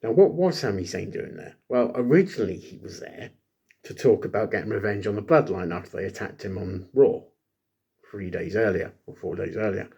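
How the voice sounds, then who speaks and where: A man's voice: on the low side, brisk, gravelly, warm tone, breathy edge, muffled recording. A man recapping a wrestling show in a rambling, self-deprecating way, full of ums and asides. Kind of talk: casual solo recap.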